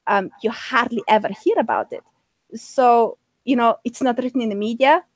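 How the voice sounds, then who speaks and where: A woman with a hard-to-place, mixed accent talks as a guest in a relaxed live-stream chat. She speaks earnestly in long, winding explanations, with a slightly high voice. The sound is dry and close, with no room around it. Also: moderate pace, no echo.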